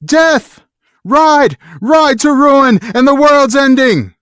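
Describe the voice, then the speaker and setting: A man reading aloud as a grief-struck young warrior king, shouting in wild despair. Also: medium pitch, animated, moderate pace, dry recording, studio quality, lightly acted. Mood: furious.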